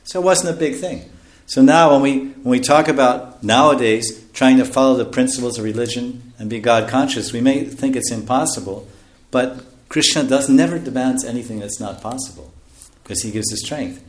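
A man preaches a sermon, speaking in a loose, conversational style. He laughs often and drops into soft, quiet asides. His voice sits at a middle pitch and carries through an echoey room. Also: normal speed. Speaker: spiritual teacher.

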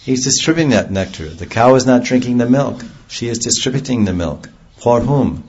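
A man's voice: medium pitch, expressive, normal speed, darkish tone, slightly rough, lo-fi sound. A man giving an earnest devotional sermon, explaining ideas with homely examples. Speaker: preacher.

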